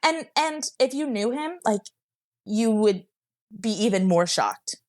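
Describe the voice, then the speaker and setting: A woman's voice: a little high, animated, unhurried. A young woman telling her own story in a casual, rambling way, leaning often on "like" and laughing as she talks. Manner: rambling, heavy use of "like", laughs while telling. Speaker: guest sharing her story.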